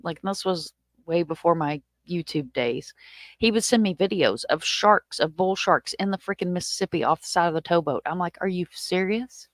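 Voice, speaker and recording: Animated woman telling a story. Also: fairly low pitch, normal speed, no room sound. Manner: animated, swearing, acts out quotes in a raised voice. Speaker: live chat host. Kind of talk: casual storytelling.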